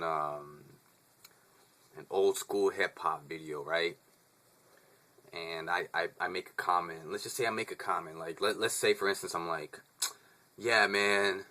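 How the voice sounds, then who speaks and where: A man's voice: low-pitched, sharp tone. A young man vlogging in a casual, laid-back rant, swearing freely, laughing often and calling the listener dude.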